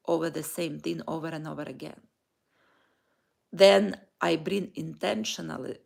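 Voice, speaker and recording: Woman talking slow and heartfelt to camera, lots of vocal fry. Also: fairly low pitch. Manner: slow, halting, heartfelt, with pauses and restarts. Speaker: vlogger and life coach. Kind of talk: personal morning reflection vlog.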